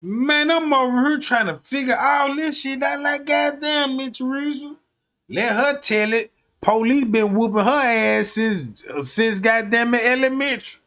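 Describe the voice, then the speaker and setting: Male streamer, high voice, profane comedic rant, chatting with viewers. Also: unhurried, bright, forceful tone. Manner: profane, drawling, talks to the chat. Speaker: livestream host.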